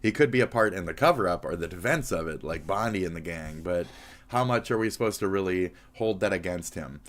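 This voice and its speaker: A man's voice: low-pitched, lively intonation, brisk. A man from the American South streaming crude, rambling, sarcastic reaction commentary on clips. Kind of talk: casual profane reaction commentary.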